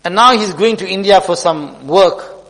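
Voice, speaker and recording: A man's voice: high-pitched, normal speed, a bit bright. A man giving a sermon, telling a story earnestly and weaving in religious terms. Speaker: preacher. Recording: long hall reverb.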